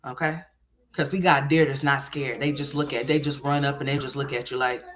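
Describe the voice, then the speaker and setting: A woman from Oklahoma hosting a livestream, telling a story in a loose, animated and profane way, dropping to low mutters and rising to loud exclamations. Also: brisk. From Oklahoma, USA. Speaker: livestream host.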